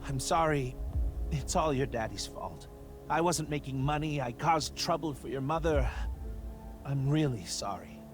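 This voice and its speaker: A defeated middle-aged father, voiced by an actor, subdued and apologetic. Game music sits clearly under his voice. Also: mid-range voice, measured pace, natural voice.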